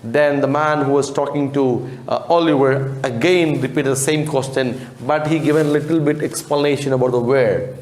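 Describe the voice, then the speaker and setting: A man's voice: medium pitch, fairly even intonation, moderate pace, few pauses, darkish tone, reverberant. A man teaching English, retelling and explaining a classic novel in simple, non-native English and acting out the characters' lines.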